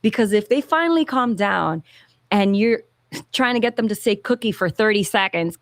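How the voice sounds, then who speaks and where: A woman who founded a therapy clinic, explaining in an animated way and acting out parents and children in little quotes. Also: medium pitch, brisk, dry recording, studio quality. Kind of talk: explanatory talk-show chat.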